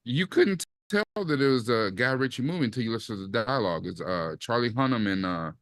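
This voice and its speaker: A man co-hosting a podcast, talking casually about a TV series and acting out quoted lines in lively bursts. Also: medium pitch, fast, no room sound. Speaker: podcast co-host. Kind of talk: casual chat, TV review.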